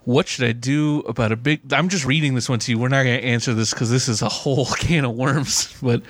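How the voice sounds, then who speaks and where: A man's voice: medium pitch, steady tone, moderate pace. Rambling laid-back young man. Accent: General American with a Southern California lilt. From Southern California. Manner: rambling, laughs often, heavy use of "like". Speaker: podcast host. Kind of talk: casual chat.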